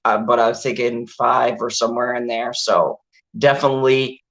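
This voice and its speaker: Male host, casual and rambling, average pitch, filler-heavy delivery. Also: fairly even intonation, normal speed, a bit bright, muffled recording. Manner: rambling, laughing, frequent fillers. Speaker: channel host. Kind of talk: casual movie review chat.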